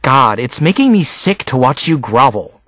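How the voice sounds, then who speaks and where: A man's voice: medium pitch, big pitch swings, normal speed, fairly bright tone, dry recording, clean studio sound. A man voicing a mocking teenage girl in an audiobook, teasing and sarcastic. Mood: snide.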